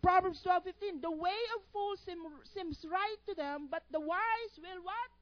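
Animated high-voiced woman preacher. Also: measured pace, no room sound, highs cut off. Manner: animated, quizzes the congregation for missing words; playful, teasing asides. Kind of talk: sermon.

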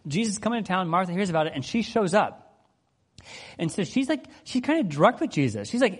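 A man's voice: high-pitched, a little fast, slightly rough. Conversational male pastor preaching. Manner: conversational, animated, acts out quotes. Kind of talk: casual sermon.

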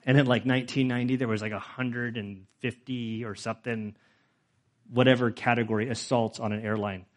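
A middle-aged man preaches in a loose, conversational way, full of fillers, and turns earnest and emotional. His voice sits at an ordinary middle pitch. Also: fairly even intonation, fairly quick. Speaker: pastor. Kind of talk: sermon.

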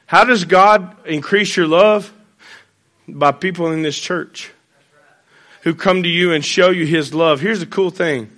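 A pastor preaching a sermon in church, blunt and folksy with joking asides. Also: male voice, a little high, unhurried, a bit bright.

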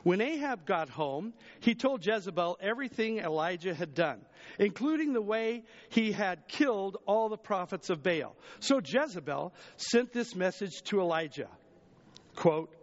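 A man preaching a sermon as pastor, chatty with the congregation, jumping to loud exclamations and dropping to hushed asides. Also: expressive, unhurried, long reverb tail, highs cut off. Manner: conversational preaching, swings between raised exclamations and hushed low asides.

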